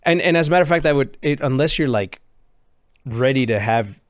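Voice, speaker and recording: A man's voice: mid-range voice, expressive, fairly quick, no echo, studio quality. A man who is a guest on a podcast, talking in an easygoing, agreeable way with lots of yeahs. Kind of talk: casual chat.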